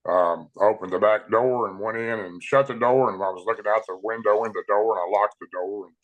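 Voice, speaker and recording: A man recounting his own encounter in a plain, unhurried, folksy way. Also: fairly low pitch, a bit bright, rough recording. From Tennessee, USA. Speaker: eyewitness storyteller. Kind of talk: personal account told aloud.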